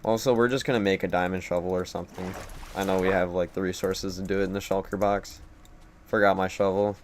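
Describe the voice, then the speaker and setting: A man's voice: low-pitched, level tone, fairly quick, a little hiss or hum. A young man live-streaming a game at his computer, rambling and joking at his own expense. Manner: rambling, joking and self-deprecating. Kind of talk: casual gameplay live-stream commentary.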